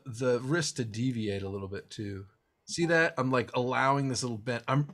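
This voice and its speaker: A man teaching a guitar lesson one-on-one, explaining technique as he demonstrates, swinging between lively stressed phrases and quiet asides. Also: medium pitch. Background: guitar strumming.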